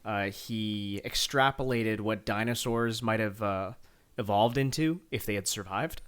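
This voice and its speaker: A man's voice: on the low side, unhurried, a bit bright, clear, resonant tone. A man co-hosting a podcast, sharing film trivia with enthusiasm in a casual chat and laughing easily. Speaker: podcast co-host.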